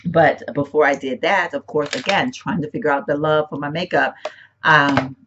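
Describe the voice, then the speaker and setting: A woman beauty vlogger chatting casually about her makeup at home, rambling and self-interrupting, her voice hoarse and cracking. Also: low voice, steady tone, moderate pace, a bit bright, highs cut off, a little hiss or hum. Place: room at home, once a bedroom.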